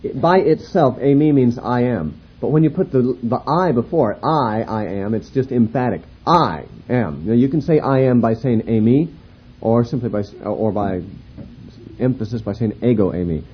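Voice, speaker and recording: A man teaching a Bible lecture in a measured, explanatory way, pausing to spell out and repeat words. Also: medium pitch, expressive, breathy edge, lo-fi sound.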